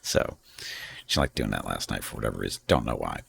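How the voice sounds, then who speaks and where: A man's voice: extremely low pitch, animated, brisk, vocal fry, fairly bright tone, breathy edge. A man hosting a casual live stream from home, rambling and chatting with frequent laughs. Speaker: streamer host.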